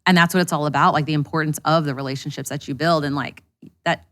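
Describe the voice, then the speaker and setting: Fast-talking, blunt woman entrepreneur. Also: sits low. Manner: rapid, animated, candid with swearing. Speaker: podcast guest, entrepreneur. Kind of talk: casual podcast conversation.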